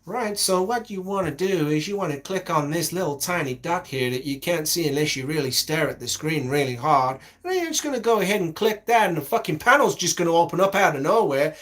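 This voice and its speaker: A man putting on an overeager American man giving a rapid, breezy software tutorial. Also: fairly high pitch, animated, voice pushed up. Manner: rapid, breezy step-by-step instructing.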